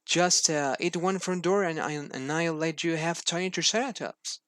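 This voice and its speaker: Storybook witch who wants to be entertained, read out by a guy, kinda high, stumbling over words, dry sound. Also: normal speed, a bit bright, clear, resonant tone, no echo, lightly acted. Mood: bargaining. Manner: hesitant reading with fillers. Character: scheming storybook witch woman.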